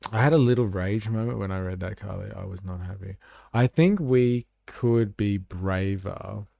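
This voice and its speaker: A man's voice: fairly low pitch, moderate pace, creaky, warm tone, dry recording. A man hosting a casual livestream, chatting back to comments and saying "like" a lot. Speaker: livestream host.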